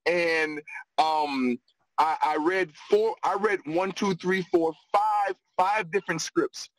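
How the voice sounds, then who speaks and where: A man telling stories about his acting start in a casual interview, animated and quick to laugh. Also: on the high side, no echo, poor audio. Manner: animated, laughs often, repeats phrases. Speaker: guest, actor and acting coach.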